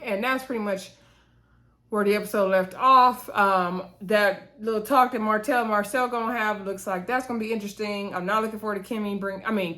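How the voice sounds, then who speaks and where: A woman with a lilt talks through a TV episode like she's catching up a friend. She slips into the cast's voices for quoted lines and keeps adding her own quick asides. Her pitch sits right in the middle for a woman. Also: bright, forceful tone. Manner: chatty, retells scenes with quoted dialogue and asides. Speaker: TV recap host. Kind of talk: casual show recap.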